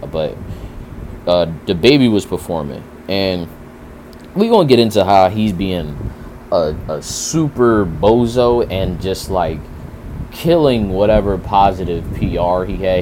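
Male vlogger, lowish voice, loose profane commentary rant, rambling and disbelieving. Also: expressive, measured pace, background noise. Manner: profane, incredulous, rambling with many fillers. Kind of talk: casual ranting commentary. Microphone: desk mic near a fan.

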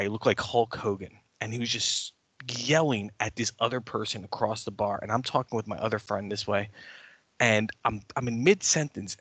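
An older man co-hosting a podcast, telling stories in an animated way and swearing freely in casual chat. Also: lowish voice, slightly rough, no room sound. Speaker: podcast co-host.

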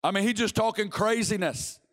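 A preacher from Arkansas, telling a story in an animated sermon that builds to shouting. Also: male voice, high voice, normal speed. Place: large church. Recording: long church hall reverb.

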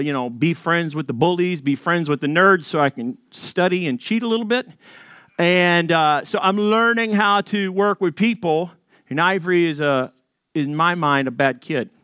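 A pastor delivers a storytelling sermon in an animated, jokey manner, acting out voices in his anecdotes. His voice is a little high, and the studio-quality recording has no echo.

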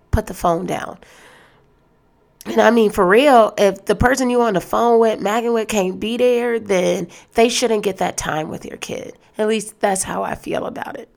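Exasperated woman with a gravelly edge. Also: medium pitch. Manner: animated and exasperated, talks straight to listeners; loose and conversational, with restarts. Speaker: podcast host. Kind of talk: solo podcast rant.

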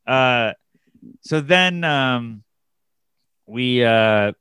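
A young man spinning a comedy tale on a podcast, lively and scattered, leaping up in pitch whenever he acts out someone else. His voice is smooth and clean, set close and dry with no room sound. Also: extremely slow, dry recording. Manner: animated, jumps up in pitch to act out quoted people, many fillers and restarts. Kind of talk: casual podcast storytelling.

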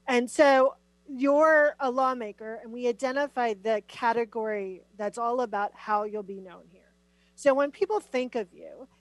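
Middle-aged woman guest on a podcast, kinda high voice, super animated and emphatic, dry close sound. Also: no echo, low-quality recording. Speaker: podcast guest, spiritual teacher. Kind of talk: conversational podcast interview.

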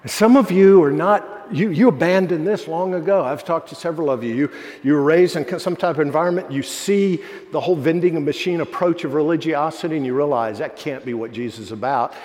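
A fairly high-voiced man preaches a sermon as pastor. He tells stories earnestly and dips his voice low for the people he quotes. His words ring out with a long reverb, as in a church sanctuary. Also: fairly quick, darkish tone.

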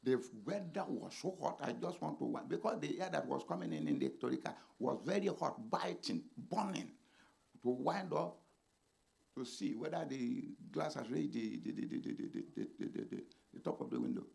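A man's voice: mid-range voice, big pitch swings, normal speed, gravelly. Fiery preaching man. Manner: dramatic, swings between shouting and hushed speech. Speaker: pastor. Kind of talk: sermon.

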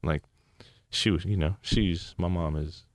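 A man in his thirties from California, a podcast guest talking in a relaxed, heartfelt, reflective way. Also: low voice, a little slow, no room sound, clean studio sound. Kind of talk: casual podcast chat.

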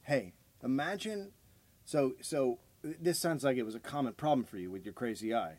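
A man's voice: mid-range voice, lively intonation, moderate pace, a little mellow, dry recording. A man co-hosting a comedy podcast, teasing and firing incredulous questions in casual chat. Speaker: podcast co-host.

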